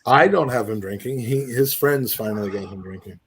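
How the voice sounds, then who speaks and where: A man's voice: mid-range voice, fairly quick, slightly rough. A middle-aged man co-hosting a podcast, chatting in a rambling, earnest way and restarting his sentences often. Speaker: podcast co-host. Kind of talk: casual chat.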